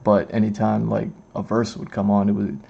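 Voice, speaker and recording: A man's voice: fairly low pitch, little pitch movement, normal speed, vocal fry, breathy edge, muffled recording. A middle-aged man hosting a livestream, chatting casually about music, rambling and often repeating his words. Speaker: livestream host. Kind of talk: casual music reaction chat.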